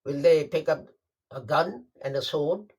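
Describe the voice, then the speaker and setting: A man delivering a Friday sermon, emphatic and deliberate, repeating phrases for stress. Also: on the high side, darkish tone, husky. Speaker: preacher.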